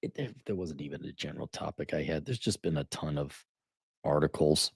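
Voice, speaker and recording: A man's voice: rumbling low, brisk, vocal fry, breathy edge, dry recording, clean studio sound. A tired man hosting a solo podcast, ranting with sarcasm and profanity. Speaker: podcast host. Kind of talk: casual solo podcast rant.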